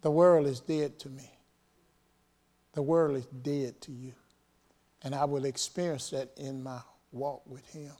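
A man's voice: medium pitch, steady tone, a little slow, long pauses, dark tone. A man preaching a sermon with fervent call-and-response delivery and bursts of praise.

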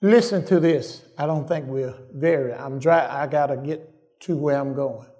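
A man's voice: mid-range voice, normal speed, dark tone. A man preaching a sermon in a call-and-response manner, often asking "Am I right?" and repeating his phrases for emphasis.

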